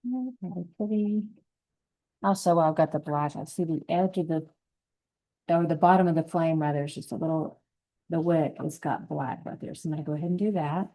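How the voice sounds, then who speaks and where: A woman with a lowish, warm voice talks through a painting lesson step by step. She sounds relaxed and encouraging, and she thinks aloud about each brushstroke as she works. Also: moderate pace, poor audio. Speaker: painting instructor.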